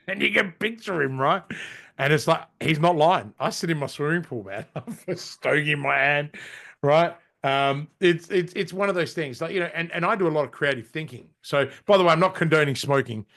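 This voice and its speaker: A man in his forties, a podcast guest telling stories in casual chat, animated, swearing casually and saying "mate" and "right?". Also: a little high, fairly quick, creaky. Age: 40s.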